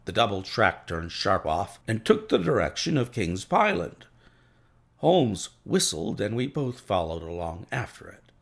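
A man reads a classic story aloud in the first person, steady and clear in his telling. His voice carries a gravelly texture and moves through a lively range of pitch. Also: a little slow. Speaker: narrator. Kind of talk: storybook reading.

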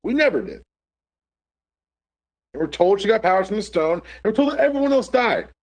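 A man's voice: sits high, sing-song, brisk. A man hosting his podcast, talking casually and emphatically, swearing and joking as he makes his case. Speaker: podcast host.

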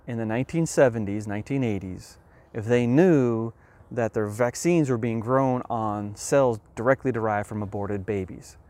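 A man of middle pitch talks through a scientific explanation in an earnest, emphatic way. He leans on key words and slows down to let points land. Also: darkish tone. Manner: earnest, emphatic, with measured pauses.

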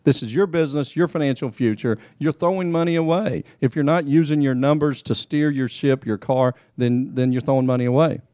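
A man speaking as an accountant guest on a business talk show, explaining in a plain, steady way. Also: mid-range voice, fairly quick, few pauses, no room sound, studio quality. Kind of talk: casual talk show conversation.

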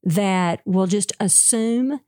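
Casting: woman host, middle pitch, affirming and teacherly, dry close recording. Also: takes it slowly, mellow, no echo. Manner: affirming listener, frequent mm-hmms, drawing out lessons. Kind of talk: conversational talk show.

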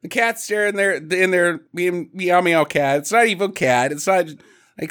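A man's voice: sits high, moderate pace, fairly bright tone, smooth. A man co-hosting a podcast, recapping a movie in casual, jokey chat and mimicking the characters. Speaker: podcast co-host.

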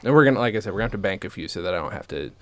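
Animated man in casual podcast chat. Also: on the low side, rapid-fire. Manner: excitable, swears, quotes others with "I'm like". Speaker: podcast host.

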